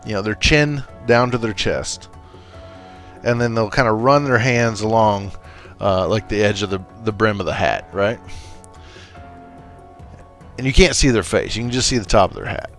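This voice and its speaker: A man's voice: fairly low pitch, normal speed, fairly bright tone, soft background music. A man casually commenting on his gameplay, rambling into stories with many fillers and restarts, and talking straight to the viewers. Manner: coaching and encouraging, speaks straight to viewers. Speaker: let's play gamer.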